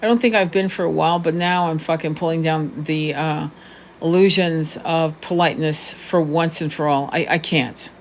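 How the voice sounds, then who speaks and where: A woman's voice: sits low, fairly even intonation, normal speed, a little hiss or hum. A woman in her sixties, a tarot reader and spiritual coach, talking straight to her viewers in a blunt, profane, impassioned monologue full of restarts. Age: 60s. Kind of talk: unscripted monologue to camera.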